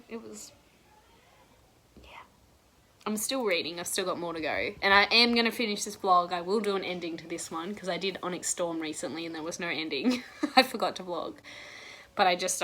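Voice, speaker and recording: A woman's voice: fairly low pitch, bright, forceful tone. A young woman talking casually and emotionally in a reading vlog, rambling and gushing. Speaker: book vlogger.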